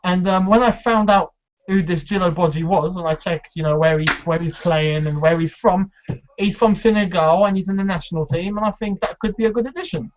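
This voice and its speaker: A man hosting a casual football fan chat, chatty and quick to laugh, with many fillers. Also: high voice. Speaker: fan channel host. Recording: dull lo-fi sound.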